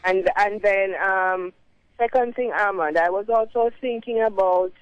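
A woman's voice: mid-range voice, measured pace, dry recording. A woman calling in to a radio show, chatting in a friendly way over a phone line. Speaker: caller.

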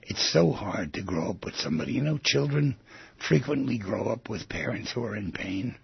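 A man's voice: mid-range voice, animated, moderate pace, creaky, breathy edge, no room sound, highs cut off. A man hosting a radio talk show, musing aloud and asking his listeners many rhetorical questions. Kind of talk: reflective monologue on psychology.

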